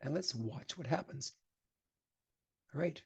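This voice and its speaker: A man's voice: a little high, animated, unhurried, vocal fry, a little mellow, breathy edge. A man teaching programming in a live-coding lecture, chatting and thinking aloud as he types, growing emphatic when he gives advice. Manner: chatty, thinks aloud while typing code. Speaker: programming instructor.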